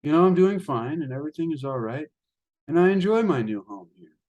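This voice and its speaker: A polite, articulate talking parrot from a spoken fable, as a man puts it on. It speaks calmly and reassuringly. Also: on the high side, brisk, dull audio, lightly acted.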